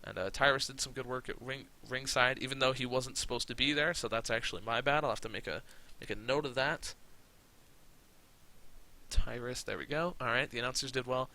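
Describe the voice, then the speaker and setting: Bright-voiced man rambling through game commentary. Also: medium pitch. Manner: rambling, swears, laughs often. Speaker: gaming channel host. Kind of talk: casual let's-play commentary.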